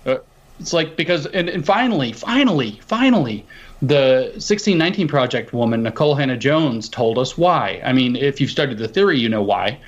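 A man's voice: medium pitch, lively intonation, brisk, lo-fi sound. A man arguing his case in a heated conversation, stacking point after point in long lists. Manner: argues in long piled-up lists.

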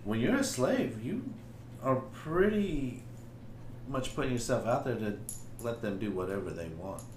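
A man's voice: mid-range voice, animated, unhurried, darkish tone, echoey room, slight background noise. A man co-hosting a casual podcast, reading listener submissions aloud in a frank, joking way. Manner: frank, joking, laughs often. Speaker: podcast co-host.

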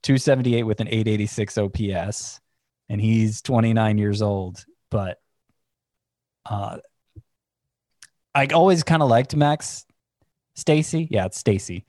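A man talks through his picks in casual podcast chat, stopping and restarting as he thinks. His voice sits low, and the sound is dry and close with no room around it. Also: measured pace, long pauses, darkish tone, dry recording. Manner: thinking aloud, restarts, second-guesses himself. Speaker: fantasy baseball analyst.

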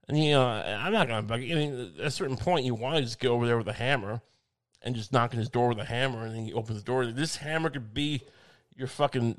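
A man doing a rambling, profane comic monologue, ranting and drifting from one subject to the next. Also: mid-range voice.

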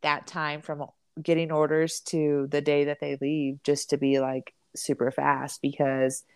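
A woman's voice: low voice, completely flat delivery, unhurried, darkish tone, clean tone, no room sound. A young woman co-hosting a podcast, chatting casually with many fillers and restarts. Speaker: podcast co-host. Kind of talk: casual chat.

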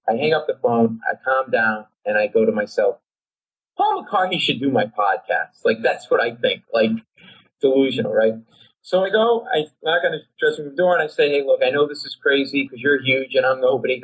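A middle-aged comedian telling a comic anecdote on a talk show, animated, acting out voices and his own panic. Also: medium pitch, husky, rough recording. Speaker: comedian guest.

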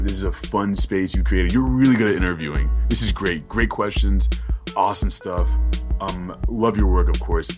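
A man who is an illustrator and animator, a podcast guest riffing loosely and profanely in casual joking chat. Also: fairly low pitch.

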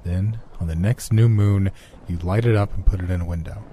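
A man's voice: low voice, fairly even intonation, fairly quick, mellow, slight background noise, lightly acted. A man voicing a touchy, earnest young male friend who tells a creepy tale and swears when teased.

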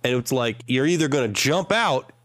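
A man in his thirties, a college coach, co-hosting a casual podcast and telling stories in an animated way. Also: mid-range voice, no room sound. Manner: fast, animated storytelling.

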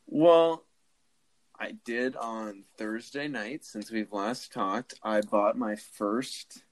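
Lively young man telling stories. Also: fairly low pitch, drawn-out words. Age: 20s. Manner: animated storyteller who acts out the people he quotes. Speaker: podcast co-host. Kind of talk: casual podcast chat.

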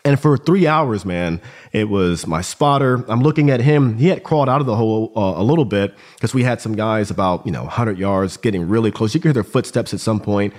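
A man's voice: fairly low pitch, fairly quick. A man talking as a podcast guest, telling a story casually and with energy. He peppers his talk with dude and bro. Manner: animated, slangy, calls listener dude and bro.

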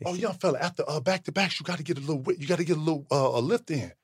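Man doing a bright, loud, breezy veteran baller, "young fella" type. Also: on the high side, rapid-fire, slightly rough, no room sound. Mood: advising. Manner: brash, breezy, calls others "young fella". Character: upbeat veteran male basketball player.

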